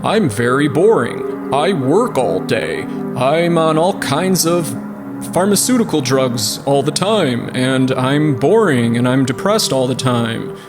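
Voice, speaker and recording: A man mocking a bored, depressed American office worker in a slow, flat drone. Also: medium pitch. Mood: droning. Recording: loud music underneath.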